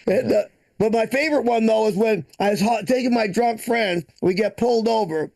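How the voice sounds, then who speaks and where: High gravelly male comedy host. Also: brisk, a little mellow. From Michigan. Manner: rambling, loose storytelling with restarts. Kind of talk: stand-up storytelling and introductions.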